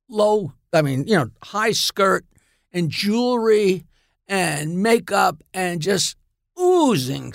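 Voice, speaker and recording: A man spins rowdy anecdotes in a high, gravelly voice. He gets animated and breaks into laughter at his own punchlines. The sound is close and dry. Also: dry recording. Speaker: guest comedian. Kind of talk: casual storytelling.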